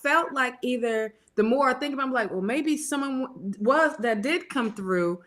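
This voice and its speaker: A woman reading tarot and hosting a casual live chat, lively and laughing often, sniffly with a cold. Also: high voice, normal speed. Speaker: tarot reader and show host.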